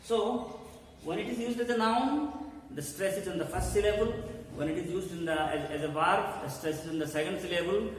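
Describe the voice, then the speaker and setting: A man teaching an English pronunciation lesson, slowly repeating words for emphasis. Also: sits high. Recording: echoey hall, mic far off, faint hum.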